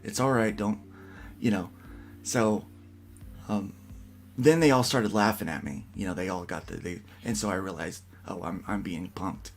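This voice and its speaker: A man's voice: low-pitched, moderate pace, soft background music. A man hosting a casual livestream podcast, telling a rambling family story full of restarts. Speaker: podcast host.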